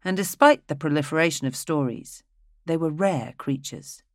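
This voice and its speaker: An audiobook narrator reading a fantasy novel in an even, steady storytelling manner into a close mic. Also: mid-range voice, normal speed, no room sound.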